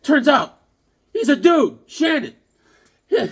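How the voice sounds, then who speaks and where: A man's voice: very high voice, very animated, slow pace, gravelly. A man chatting casually in a vlog, rambling and joking as he shows off his comic collection at home. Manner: rambling, jokey, loose.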